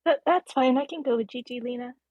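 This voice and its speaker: A woman's voice: sits high, fast talker, darkish tone, highs cut off. A woman speaking as a player in a tabletop game, a little hesitant and repeating words.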